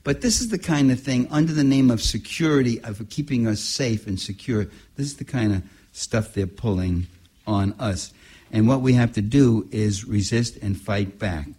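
Husky older man telling stories. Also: medium pitch, moderate pace. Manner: animated storytelling, laughing at his own stories. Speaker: writer and activist speaker. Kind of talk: public talk with anecdotes.

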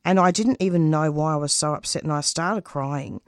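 Woman, low pitch, dry close sound, intense and emphatic, radio guest. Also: moderate pace, no room sound. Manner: intense, emphatic, openly emotional. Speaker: radio producer and host, interview guest. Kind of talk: candid interview answers.

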